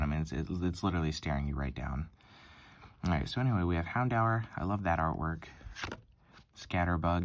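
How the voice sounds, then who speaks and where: Chatty low-voiced young man. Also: slight background noise. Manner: chatty, rambling, lots of ums and self-corrections. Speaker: card-opening channel host. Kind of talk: casual pack-opening commentary.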